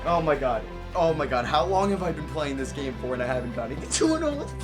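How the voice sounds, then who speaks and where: A young adult video game creator giving excited gameplay commentary, pleading and cheering at the screen. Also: medium pitch, quick pace, few pauses, music in the background.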